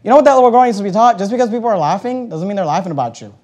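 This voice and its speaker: A middle-aged man preaching a sermon as pastor, telling a story with lively, animated delivery that swings between loud and hushed. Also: high voice, racing.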